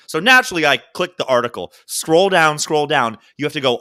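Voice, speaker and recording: A man's voice: mid-range voice, expressive, brisk, hardly any pauses, bright, forceful tone. A man co-hosting a podcast, telling jokes and laughing stories in casual chat. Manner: joking, laughing storyteller. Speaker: podcast co-host.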